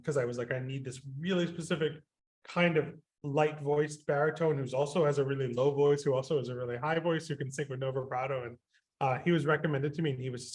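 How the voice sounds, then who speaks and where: In a radio interview, a male composer with a mid-range voice rambles on, full of fillers and false starts, livening up each time he quotes his own words.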